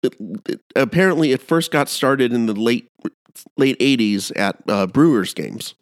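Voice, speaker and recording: A man chatting on a podcast, animated and rambling, often restarting his sentences. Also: mid-range voice, normal speed, no echo, studio quality. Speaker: podcast co-host. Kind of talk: casual podcast chat.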